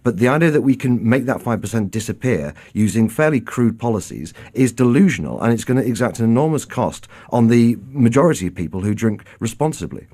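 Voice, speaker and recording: A man's voice: mid-range voice, lively intonation, a little fast, few pauses, mellow. A man arguing as a think-tank guest in a radio debate, combative and scornful.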